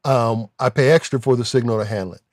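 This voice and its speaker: A man hosting a live comedy stream, telling stories in animated, casual banter with quick laughs. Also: medium pitch, no room sound, studio quality.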